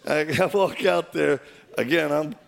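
A man with a slightly higher, gravelly voice spins a personal story with plenty of energy. He acts out each quoted voice as he tells it, and laughter keeps breaking through. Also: a little slow. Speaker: speaker telling a personal story. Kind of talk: animated storytelling.

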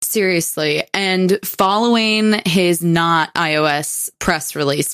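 A woman's voice: fairly low pitch, a bit bright, clear, resonant tone, dry recording, studio quality. A young adult woman co-hosting a podcast, chatting casually and sarcastically and laughing often. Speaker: podcast co-host. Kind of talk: casual chat.

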